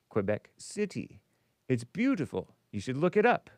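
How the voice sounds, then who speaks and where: A man's voice: mid-range voice, wildly swooping pitch, moderate pace, no echo. A man hosting a casual call-in show, reading viewer messages aloud and joking with chuckles. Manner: joking, chuckles while talking. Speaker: talk show host.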